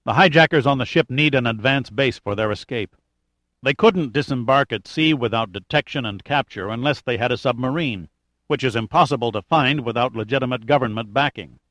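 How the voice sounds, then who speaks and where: A man's voice: medium pitch, brisk, fairly bright tone, dry recording, lightly acted. A man reading an audiobook, voicing a cool-headed adult male leader who speaks tersely with dry wit. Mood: low, terse.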